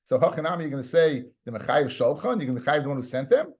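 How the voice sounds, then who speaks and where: A man's voice: medium pitch, animated, fast, darkish tone. A man, a rabbi, teaching a Talmud lesson in a conversational way, often repeating words and mixing in Hebrew and Aramaic terms.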